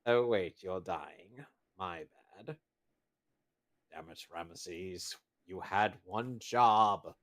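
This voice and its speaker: A man's voice: deep voice, drawn-out words, fairly bright tone. A man hosting a casual movie riffing session, firing off sarcastic, mock-exasperated quips.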